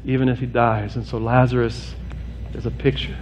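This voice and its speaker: A pastor speaks at normal speed and a level tone to his congregation in the church sanctuary. He is earnest and direct, blending homespun humor with a rising, urgent call that grows in pitch and intensity. There's a little hiss or hum.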